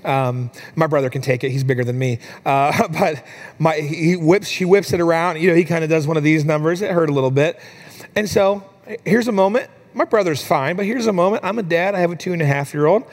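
A man in his thirties delivering a sermon in a slightly higher-than-average voice. He talks casually, with frequent fillers, telling personal stories. When the story turns tender, his voice climbs higher and grows softer. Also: a little fast. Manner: conversational storytelling with fillers, rising higher and softer in emotional moments. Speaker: pastor.

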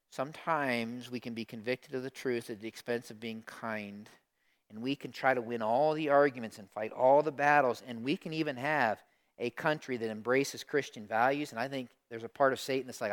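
Middle-aged pastor preaching with smooth clarity. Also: male voice, medium pitch. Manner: dynamic preaching, swings from hushed to loud emphasis. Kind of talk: sermon.

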